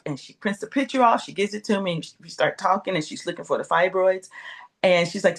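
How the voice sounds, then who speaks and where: Woman guest in her fifties, animated storyteller who voices the people in her story, mid-pitched. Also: fairly quick. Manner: animated, acts out quoted dialogue. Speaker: guest entrepreneur. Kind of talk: personal storytelling.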